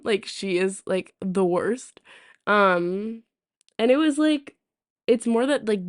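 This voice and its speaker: A young woman streaming, telling a story to her chat in a casual, rambling way full of fillers and restarts. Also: lowish voice. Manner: chatty, many fillers and restarts. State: hiccups.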